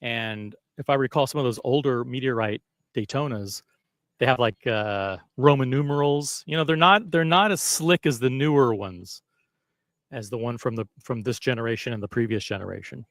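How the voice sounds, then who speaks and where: A male livestream host chats casually with viewers, rambling and poking fun at himself. His medium-pitched voice is a bit bright, he talks at a normal speed, and the sound is dry and close.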